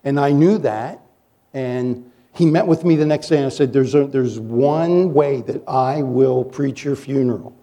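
A male pastor preaching a sermon, telling stories in an animated, joking way as he coaches his listeners. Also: mid-range voice, unhurried. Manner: animated, jokey storyteller who coaches the audience. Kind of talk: sermon with storytelling.

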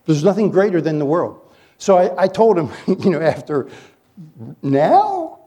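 A male pastor preaching a sermon, telling stories in an animated, joking way as he coaches his listeners. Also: a little high, normal speed. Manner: animated, jokey storyteller who coaches the audience. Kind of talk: sermon with storytelling.

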